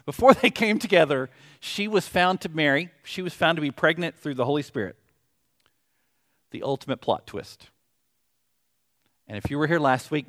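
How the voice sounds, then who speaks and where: A middle-aged pastor with a Southern accent and a medium-pitched voice preaches a sermon, telling a story in an animated way and tossing in joking asides.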